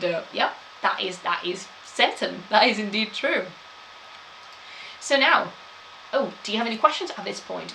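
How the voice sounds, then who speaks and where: A woman's voice: medium pitch, creaky, bright, forceful tone, a little hiss or hum, low-quality recording. A woman gives a chatty live-streamed history talk, laughing often and answering chat.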